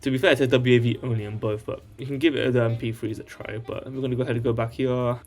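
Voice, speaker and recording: A man's voice: medium pitch, flat delivery, fast, faint music behind. Male tutorial host, casual and rambling, checks in with "alright?" constantly. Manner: rambling, tags lines with "alright?". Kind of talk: casual screen-share tutorial.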